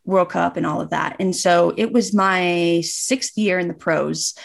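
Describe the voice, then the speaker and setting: A woman's voice: fairly low pitch, unhurried, creaky. A woman in her thirties, a guest, earnestly telling a personal story in casual conversation and acting out remembered dialogue.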